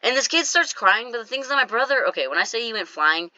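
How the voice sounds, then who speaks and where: Over gameplay footage, a YouTuber tells a casual story in an animated, joking way, tossing quick asides to viewers. The voice sits at medium pitch and the recording sounds muffled.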